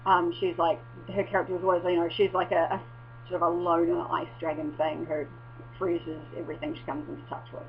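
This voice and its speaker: A woman's voice: fairly low pitch, brisk. Rambling, swearing woman on a dull lo-fi recording. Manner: rambling, swears, excitable exclamations. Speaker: vlogger. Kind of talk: casual rambling chat. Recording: dull lo-fi with faint mains hum.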